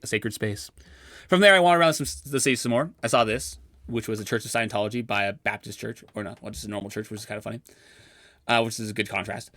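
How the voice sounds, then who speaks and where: A man's voice: mid-range voice, sharp tone, no room sound, studio quality. A young man narrating his own life in a scripted, wry and self-deprecating way, sometimes turning flowery. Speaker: vlogger.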